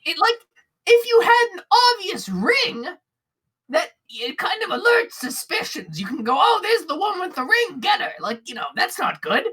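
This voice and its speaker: A woman's voice: very high voice, big pitch swings, moderate pace, sharp tone, exaggerated voice, low-quality recording. A woman voicing a fawning little male kobold bard who stammers and wheedles. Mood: wheedling.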